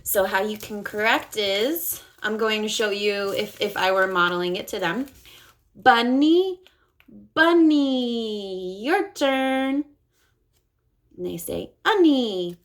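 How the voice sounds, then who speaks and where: A woman speech-language pathologist coaching parents on home practice, modeling words slowly with exaggerated articulation and cheerful praise. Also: mid-range voice, fairly bright tone.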